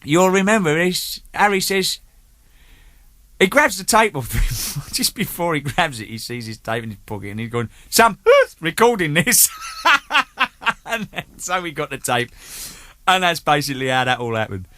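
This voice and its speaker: A man's voice: fairly high pitch, normal speed, no room sound. A man telling rowdy anecdotes full of swearing and acted-out voices, played from an archive recording. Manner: animated, swearing, acts out voices. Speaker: storytelling guest.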